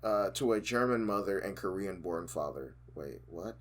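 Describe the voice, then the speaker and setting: Man, podcast co-host, casual chat, rambling, lots of fillers, lively swinging pitch. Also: normal speed, a little hiss or hum. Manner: animated, rambling, many fillers.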